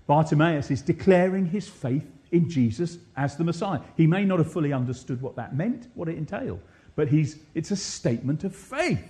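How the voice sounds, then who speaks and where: A male preacher delivering a sermon, his voice sitting high and swooping widely as he presses his points. He keeps turning to the congregation with questions and repeats his key lines for emphasis. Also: normal speed. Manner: animated, asks the congregation questions, rhetorical repetition. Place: church.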